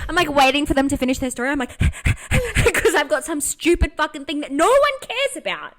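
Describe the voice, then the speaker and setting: A woman in easygoing podcast chat, her voice high and swinging widely in pitch. She is animated and self-mocking, swearing often as she talks. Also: moderate pace. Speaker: podcast co-host. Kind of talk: casual chat.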